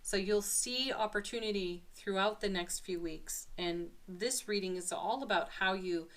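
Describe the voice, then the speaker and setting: A woman's voice: medium pitch, moderate pace. Enthusiastic woman giving a tarot reading. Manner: gentle, enthusiastic, with soft laughs. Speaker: tarot card reader. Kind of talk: spiritual tarot reading to camera.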